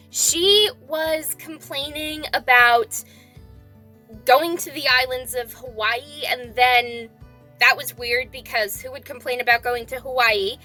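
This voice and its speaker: A woman's voice: high-pitched, pushed and bright. A woman vlogger reviewing books in a casual, blunt and exasperated way. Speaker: book vlogger. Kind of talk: casual book review vlog.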